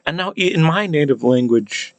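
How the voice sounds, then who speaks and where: A man's voice: a little high, lively intonation, moderate pace, no echo. An American man practicing old pronunciations aloud, repeating each sound many times with a hesitant, restarting manner. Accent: American English. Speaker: language hobbyist teaching pronunciation. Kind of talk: casual pronunciation practice video.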